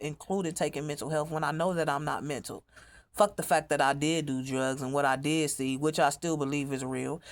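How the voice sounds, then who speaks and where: A woman speaking in a rambling, profane monologue as a mother telling her own story, often repeating herself. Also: low-pitched. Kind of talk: emotional monologue to camera.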